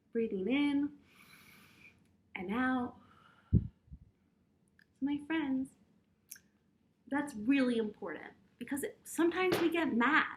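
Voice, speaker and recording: A young adult woman with a high voice, teaching children in a gentle, encouraging way. She talks straight to her young listeners, leading them through slow breathing exercises. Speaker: preschool teacher.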